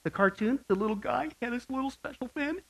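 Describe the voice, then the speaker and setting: A man preaching a sermon as pastor, animated and joking, asking the crowd rhetorical questions. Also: very high voice, fairly quick, creaky, breathy edge.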